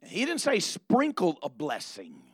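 A man preaching a sermon, moving from quiet asides to loud, fervent preaching. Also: on the high side, huge pitch swings, unhurried, husky, dry recording, clean studio sound.

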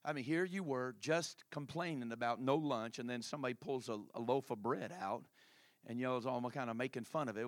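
A male preacher telling a story in a sermon, animated and colloquial. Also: medium pitch, brisk, no room sound, studio quality.

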